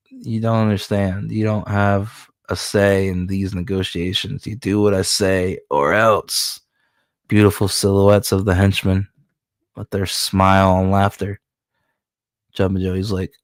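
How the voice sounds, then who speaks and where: A man, a comic book creator, casually walking through his own comic in loose, profane, excitable commentary. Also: fairly low pitch, measured pace, no echo, studio quality.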